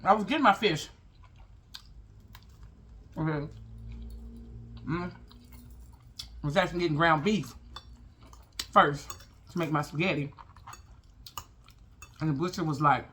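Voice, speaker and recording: A man with a fairly high voice talks casually to his viewers between bites. He chats and tells stories while he eats. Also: slow, long pauses, sharp tone. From Chicago. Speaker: mukbang vlogger. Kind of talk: casual mukbang chat.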